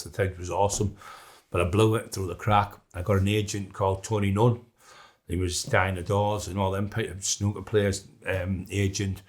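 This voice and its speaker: Blunt middle-aged man, lowish voice. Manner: blunt, rambling storyteller with restarts. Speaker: interviewee in a documentary. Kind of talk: documentary interview storytelling.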